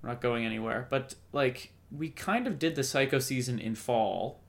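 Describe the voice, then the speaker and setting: A man's voice: mid-range voice, moderate pace, creaky. Rambling casual male podcast co-host. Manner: rambling, self-interrupting, jokey. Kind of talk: casual chat.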